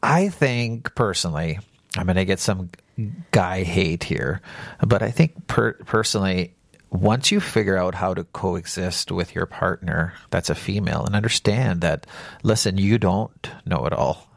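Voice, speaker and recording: Gravelly low-voiced man, joking podcast co-host. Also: a little slow, no room sound. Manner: joking, rambling, trails off. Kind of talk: casual chat. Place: studio.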